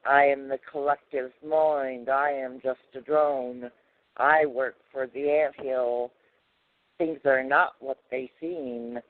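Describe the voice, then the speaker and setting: A man's voice: mid-range voice, little pitch movement, takes it slowly, lightly acted. A man voicing an obedient male computer chip in a poem he recites on a radio call, in a mechanical, rhyming way. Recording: tinny dry phone line.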